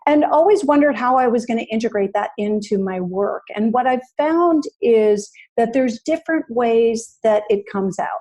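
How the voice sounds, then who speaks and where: Mellow-voiced woman in her fifties. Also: a little high, expressive. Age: 50s. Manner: thoughtful, restarts phrases, spells things out slowly. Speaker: podcast guest. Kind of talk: casual interview chat.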